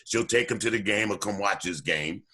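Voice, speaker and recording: A low-pitched man tells stories in a radio interview, his voice bright and forward with a husky edge. He is animated and often stumbles over repeated words before getting going. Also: moderate pace. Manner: animated storyteller, repeats words when starting sentences. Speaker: documentary co-producer and former youth coach.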